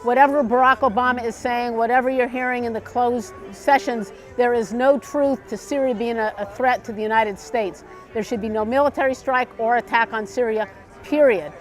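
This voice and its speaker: A woman's voice: fairly high pitch, fairly even intonation, moderate pace, faint music behind. Insistent woman delivering a political statement. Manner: emphatic, insistent, repeats key phrases. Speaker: public commenter. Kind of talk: impassioned statement to camera. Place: outdoor festival booth.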